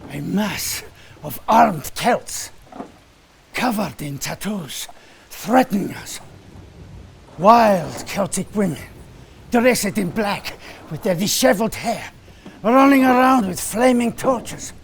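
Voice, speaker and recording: In a high-pitched, exaggerated voice with vocal fry, a man plays a weary, homesick Roman foot soldier with a put-on Italian accent. He tells the story slowly and theatrically in a lilting way, pausing often, in an animated educational drama.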